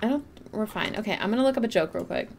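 A woman chats casually with her viewers over a desk mic in her bedroom while she plays. She laughs helplessly at her own jokes, and her voice sits in a middle pitch. A faint hum of noise runs underneath. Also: expressive, rapid-fire, vocal fry, darkish tone. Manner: giggly, breaks into helpless laughter. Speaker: game streamer. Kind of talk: casual live gameplay chat with viewers.

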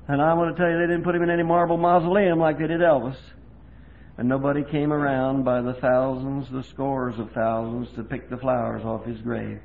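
A man preaching a sermon in a folksy storytelling way, moving from quiet chat to loud, fervent preaching. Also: mid-range voice, flat delivery, a little fast, vocal fry. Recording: tinny lo-fi tape with faint hiss.

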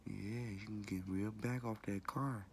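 Man, low gravelly voice, rambling slangy vlog chat with faint room noise behind. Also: fairly even intonation, measured pace, a little mellow. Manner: loose, repetitive, slangy and cussing. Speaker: vlogger. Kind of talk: casual talk to camera.

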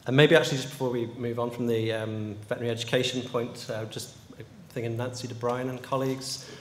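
A man moderating a panel discussion, speaking in a measured, courteous way with frequent hesitations. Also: medium pitch, fairly even intonation, slight background noise. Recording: echoey hall with faint room ambience.

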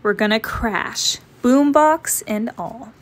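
Woman as cocky teen boy bear, scheming, drawn out, storybook. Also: fairly high pitch. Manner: slow, scheming. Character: tall teenage boy bear, gang leader, cocky.

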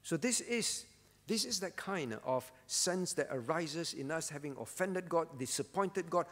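A man preaching a sermon as pastor, earnest and pleading, often sinking to a soft voice. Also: a little high, expressive, unhurried, in a large hall. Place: church.

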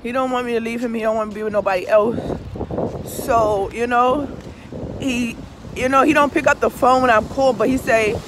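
A woman's voice: a little high, fairly even intonation, a little fast, background noise. A woman vlogging in a casual, confessional way, swearing freely and often checking that listeners understand. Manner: profane, emphatic, keeps asking "you understand?". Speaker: tarot reader and vlogger.

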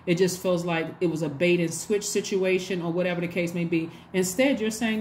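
A woman's voice: lowish voice, fairly even intonation, fairly quick, hardly any pauses, a little mellow, slight background noise. A woman giving a casual tarot reading to her viewers, chatty and repetitive, often acting out little bits of dialogue. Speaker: tarot reader.

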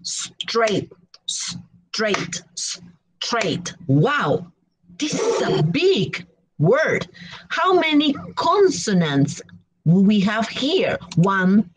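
A woman teaches English, drawing out each word slowly so learners can follow. Her pitch leaps up and down as she repeats examples, over a faint hiss of background noise. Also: very animated. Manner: slow, drawn-out repeating of words for learners. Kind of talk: recorded grammar lesson.

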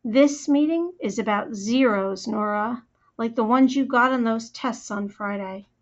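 A woman voicing a stern middle-aged mother who speaks in low, curt, measured commands. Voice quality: low, firm danger tone. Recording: slightly muffled recording.

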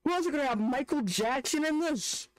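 A man's voice: very high voice, lively intonation, fairly quick, no echo, low-quality recording. A young man hosting a reaction video, joking and ranting in casual, rambling commentary. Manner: joking, rants with restarts.

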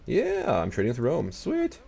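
A man's voice: medium pitch, huge pitch swings, unhurried, gravelly, darkish tone, husky. A man giving casual let's-play commentary as he plays, muttering to himself, talking back to the game's nations and swearing now and then. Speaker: gaming channel host.

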